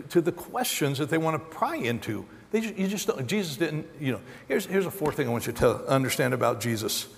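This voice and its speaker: A man preaching a sermon as a pastor, animated, acting out quotes with sudden jumps in pitch. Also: creaky. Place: large church auditorium. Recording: long hall reverb.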